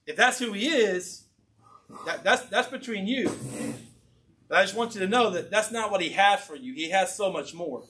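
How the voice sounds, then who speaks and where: A man preaching a sermon, telling scripture stories in a conversational, animated way with casual slang. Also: sits high, normal speed, a little hiss or hum. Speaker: pastor.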